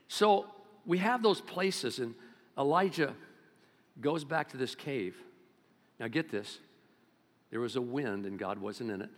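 A man in his seventies preaching a sermon as pastor, swinging between loud exclamations and hushed low-key talk. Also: expressive, measured pace, long pauses. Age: 70s. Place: church sanctuary. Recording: long reverb of a church hall.

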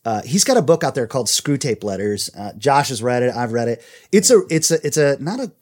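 A man's voice: mid-range voice, big pitch swings, a little fast, darkish tone. A man co-hosting a Christian podcast, talking earnestly and reading quotes aloud. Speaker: podcast co-host. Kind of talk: faith podcast conversation.

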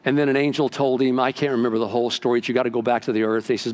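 A man preaching a sermon as pastor, telling stories and acting out quotes with lively swings in his voice. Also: mid-range voice, rapid-fire, hardly any pauses. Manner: animated storytelling with acted-out quotes. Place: church sanctuary.

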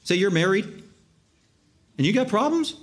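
Emphatic preaching man, higher voice. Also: big pitch swings, normal speed. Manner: emphatic preaching, repeats words in long lists. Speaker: pastor. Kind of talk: sermon.

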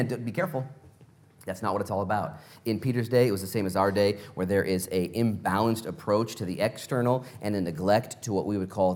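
A man preaching a sermon, animated and playful, telling stories in acted voices and asking the congregation direct questions. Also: medium pitch. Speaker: pastor.

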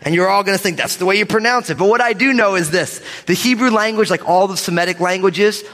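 Animated preacher in a reverberant church. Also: male voice, sits high, quick pace. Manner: animated, joking asides, calls for amens. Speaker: pastor. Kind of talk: sermon. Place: church sanctuary. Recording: long reverb of a church hall.

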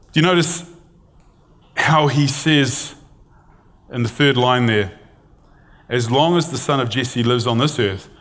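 A man's voice: medium pitch, fairly bright tone. A middle-aged man preaching a sermon, retelling a scripture story in a conversational, storytelling way and reading passages aloud.

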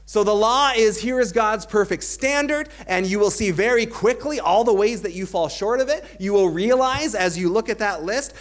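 High-voiced man preaching a sermon. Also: moderate pace, few pauses. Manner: dry self-aware humor. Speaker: pastor.

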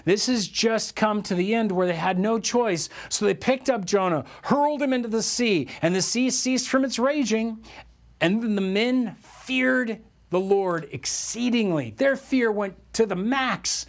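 A man preaching a sermon as a pastor, animated and acting out the voices he quotes. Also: high-pitched, a little slow.

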